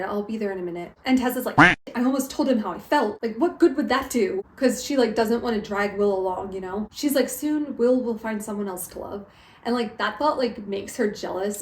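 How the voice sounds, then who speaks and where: A young woman with a slightly high voice, recapping a book in a loose, chatty way. She keeps slipping into quick quoted lines from the characters. The sound bounces a bit off the walls of an echoey room. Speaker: book vlogger.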